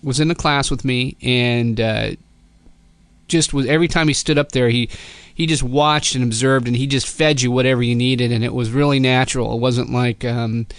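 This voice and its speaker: A man's voice: medium pitch, moderate pace, clear, resonant tone, dry recording. A middle-aged man hosting a podcast, telling a casual, rambling story with many restarts and quoted voices. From Southern California. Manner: rambling, self-correcting, quotes people in lively voices. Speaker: podcast host.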